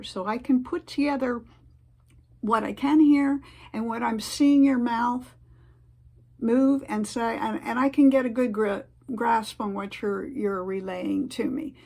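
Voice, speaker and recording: A woman talking in a casual explanatory vlog, earnest and plain-spoken, often pausing on fillers and restarting her sentences. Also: mid-range voice, gravelly, darkish tone. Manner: halting, many fillers and restarts. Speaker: vlogger giving advice.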